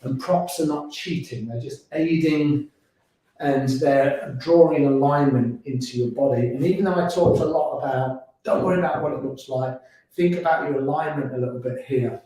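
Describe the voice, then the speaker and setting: A man's voice: mid-range voice, normal speed, mellow. A man guiding a beginners yoga class, chatty and encouraging, with little laughs. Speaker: yoga instructor. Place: yoga studio. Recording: roomy studio echo.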